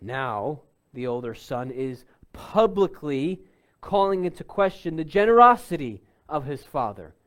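A man pastor delivers an expository sermon, his voice sitting a little high for a man. He takes his time, laying out each point deliberately, then punches certain words for emphasis. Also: sing-song. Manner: deliberate teaching tone with emphatic bursts.

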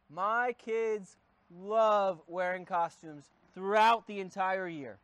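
A man's voice: high-pitched, a bit bright, no room sound. A man in his thirties, a pastor giving a conversational, encouraging sermon with frequent fillers.

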